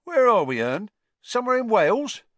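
A man voicing a brash young male bus conductor who talks loudly and cheekily, with a lively, swooping voice. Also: high-pitched, moderate pace, no room sound, pitched above the performer's own voice. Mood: cheeky. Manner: loud, cocky, cheeky.

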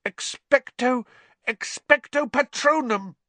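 A man voicing a desperate teenage boy wizard, shouting in a strained, urgent way. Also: very high-pitched, slow, no echo, pitched above the performer's own voice, full character voice.

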